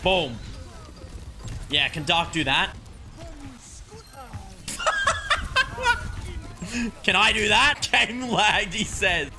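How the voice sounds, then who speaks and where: A young man giving excitable live commentary while playing a game, swinging between muttered frustration and loud yelps. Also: high voice, slow, music in the background. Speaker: gaming streamer.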